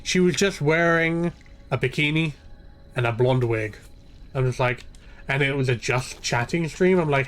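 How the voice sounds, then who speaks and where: A man's voice: medium pitch, normal speed, fairly bright tone, faint music behind. A young man ranting and swearing freely while streaming a game, rambling from point to point. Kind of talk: ranting live gameplay commentary.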